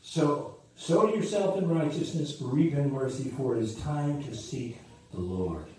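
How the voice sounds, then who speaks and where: A man's voice: medium pitch, expressive, unhurried, mellow, slight background noise. Man, pastor preaching, storytelling delivery, distant mic, very echoey hall. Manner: storytelling preacher, voice rising and dropping with emphasis. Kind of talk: sermon. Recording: echoey room from far off with faint ambience.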